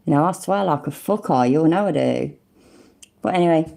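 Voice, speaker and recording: An older woman hosts a casual live stream and chats to her viewers in a lowish, mellow voice. She swears freely and calls people love and mate. Her talk is loose and full of asides. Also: lively intonation, fairly quick, vocal fry. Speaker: livestream host.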